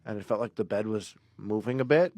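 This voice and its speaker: As a podcast guest, a man with a lowish voice rambles fairly quickly through a long personal story, full of fillers and animated, raising his voice to act out quotes. There's no room sound.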